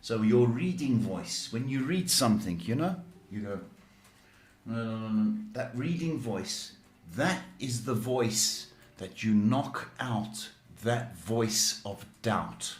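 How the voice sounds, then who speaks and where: A man's voice: mid-range voice, lively intonation, takes it slowly. Chatty male psychic host, roomy echo. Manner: chatty, reassuring, repeats "okay" and "folks". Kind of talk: live-stream advice chat. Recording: echoey room.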